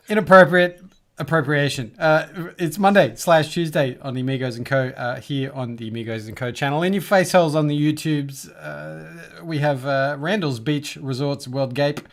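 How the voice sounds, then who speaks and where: A man's voice: on the high side, fairly even intonation, moderate pace, gravelly. Laid-back man hosting a chat show. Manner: laid-back, with many filler "uh"s. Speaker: podcast host. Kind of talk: casual chat.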